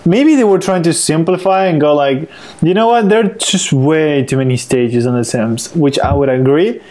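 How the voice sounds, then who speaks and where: Animated, fairly high-voiced man. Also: normal speed. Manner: animated, exclaiming, with hesitant repeats. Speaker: podcast co-host. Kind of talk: casual podcast chat.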